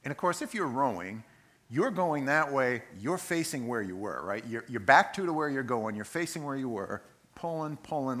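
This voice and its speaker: A male preacher tells a Bible story with plenty of animation. His voice is bright and forceful, and it swings widely in pitch as he acts out each scene. His delivery is conversational and dramatic. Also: very animated, fairly quick. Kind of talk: sermon.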